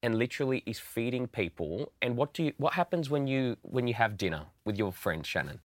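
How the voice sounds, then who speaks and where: A man's voice: mid-range voice, sing-song, brisk, dry recording. A man, co-hosting a casual recap podcast and telling the story of the game with dramatic emphasis. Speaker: podcast co-host.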